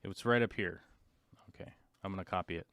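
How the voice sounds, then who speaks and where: A man's voice: low voice, quick pace, a bit bright, no room sound, clean studio sound. A man hosting a casual livestream chat, rambling with many fillers and playfully mimicking other people. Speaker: livestream host.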